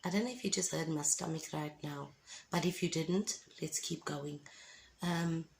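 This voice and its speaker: A woman's low-pitched, creaky, darkish voice holds a steady tone at a moderate pace as she gives a heartfelt faith testimony to camera. She's a Christian vlogger at home indoors, windows open, passionately checking that viewers understand. The rough recording has a little hiss or hum.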